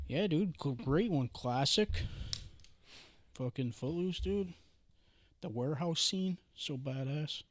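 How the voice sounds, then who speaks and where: In a dry recording with no echo, a young man's medium-pitched voice carries his podcast. As host, he chats casually and excitably, cursing freely and leaning heavily on "dude" and "like."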